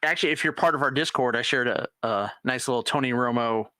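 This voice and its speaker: A man co-hosting a casual live chat about football, easygoing and quick to laugh along. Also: mid-range voice, bright, forceful tone, no room sound. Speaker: co-host.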